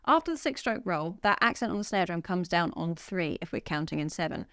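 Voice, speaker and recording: A woman's voice: fairly low pitch, lively intonation, fairly quick, hardly any pauses. Upbeat woman teaching drums. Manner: upbeat, counting beats aloud over drumming. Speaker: drum teacher. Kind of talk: instructional drum lesson. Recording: music studio with loud drum kit.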